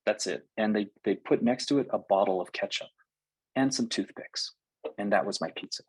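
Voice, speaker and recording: A man giving a webinar talk on culture at work, lively and animated, acting out quoted reactions now and then. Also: lowish voice, moderate pace, breathy edge, dry recording, poor audio. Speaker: cultural intelligence speaker.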